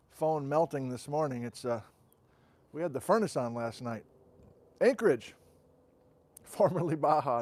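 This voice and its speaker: A man's voice: mid-range voice, a little mellow, no echo. A man hosting a casual outdoor livestream, chatting and greeting viewers as he reads out where they are from, on a wireless mic. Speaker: host. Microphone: wireless transmitter and receiver.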